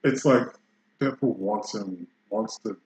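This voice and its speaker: A man's voice: fairly low pitch, takes it slowly, darkish tone, a little hiss or hum, low-quality recording. A man co-hosting a casual movie review chat, rambling and restarting his sentences. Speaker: podcast co-host.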